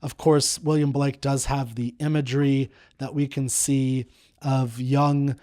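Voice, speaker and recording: A middle-aged man teaching poetry, reading a poem slowly and then explaining it in an earnest way that repeats words for stress. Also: mid-range voice, level tone, a little mellow.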